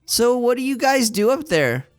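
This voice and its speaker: Guy putting on a young woman voice from a game, high and forthright, kinda teasing, dry audio. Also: sing-song, normal speed, clean tone, dry recording, soft background music. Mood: curious. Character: bold, blunt young woman. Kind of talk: reading game dialogue aloud.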